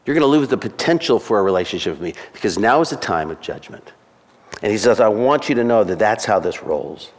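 A man's voice: on the low side, lively intonation, a little fast, big-room sound. A man preaching a sermon as pastor, emphatic and conversational, acting out quotes as he explains the text.

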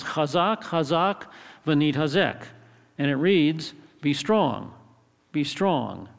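A fairly high, gravelly man teaching Bible study and leading his group through call-and-response. His voice carries a long, echoing reverb. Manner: leads call-and-response, playful.

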